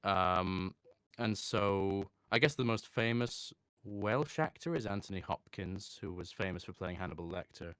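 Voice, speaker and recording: A man, a voice actor chatting in an interview, reflective and quick to laugh. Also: sits low, a bit bright, clean tone, no room sound, clean studio sound. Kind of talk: casual interview talk.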